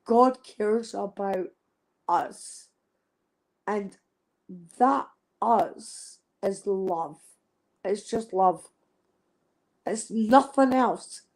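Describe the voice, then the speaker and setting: A woman's voice: mid-range voice, darkish tone, poor audio. A young woman talking openly and emotionally on a live stream, swearing freely and repeating herself. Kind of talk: emotional casual chat.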